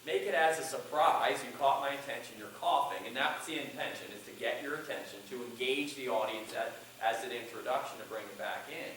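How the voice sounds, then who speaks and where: A man's voice: medium pitch, a little fast, hardly any pauses, a bit bright, a little hiss or hum. A man giving a college class on public speaking, who acts out lines from his own speech as he breaks it down. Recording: echoey classroom from far off.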